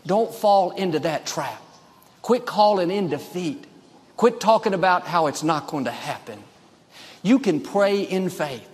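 A man's voice: sits high, animated, measured pace. A man preaching a sermon with emphatic, repeated declarations. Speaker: pastor. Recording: long reverb of a large hall.

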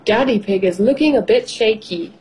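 A woman's voice: medium pitch, normal speed, mellow, slight background noise, natural voice, low-quality recording. A woman voicing a hearty male bull who runs a fairground game, jovial and teasing.

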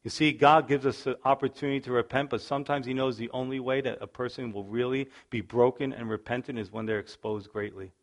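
A man's voice: medium pitch, steady tone, a little fast, hardly any pauses. Man preaching with dramatic storytelling. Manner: dramatic storytelling, acting out voices, swinging from loud to hushed. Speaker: pastor. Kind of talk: sermon.

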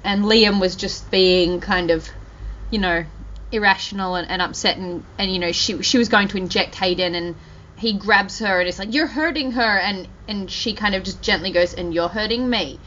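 A woman co-hosting a casual chat, talking in an animated way with many fillers and restarts. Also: medium pitch, normal speed, slight background noise. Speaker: podcast co-host. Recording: dull lo-fi audio.

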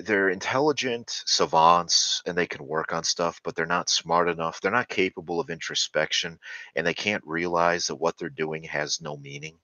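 A man's voice: low voice, sharp tone, no room sound. A man ranting sarcastically and crudely, stumbling over fillers and restarts. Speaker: channel host. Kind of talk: ranting monologue. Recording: dull lo-fi recording.

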